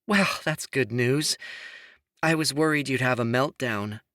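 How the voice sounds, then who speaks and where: A man's voice: medium pitch, measured pace, fairly bright tone, dry recording, studio quality, voice pushed up, close to an everyday voice. A man voicing a gushing young woman. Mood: anxious. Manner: gushing, breathless squeals. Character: excitable young woman friend, eager. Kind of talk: audiobook character voice.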